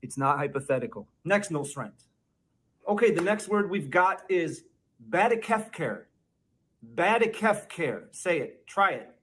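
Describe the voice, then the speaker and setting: A man narrating a mock language lesson, slowly sounding out made-up words. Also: on the high side, expressive, fairly bright tone. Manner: slow, exaggerated spelling-out of made-up words.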